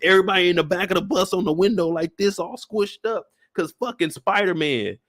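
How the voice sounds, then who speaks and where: A man with a high-pitched voice tears into a comic rant, animated and exasperated, with frequent cursing. The sound is dry and close, with no room echo. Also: a little fast. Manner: animated, profane, exasperated storytelling. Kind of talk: comedic rant.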